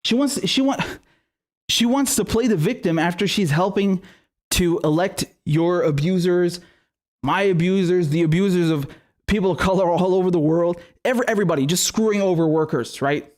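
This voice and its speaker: A male political commentator with a fairly high voice, ranting hard and swearing freely. His words trip over each other as he talks. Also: normal speed. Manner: heated, profane, stumbling over words. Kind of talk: angry political rant. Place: indoor room with a globe behind him.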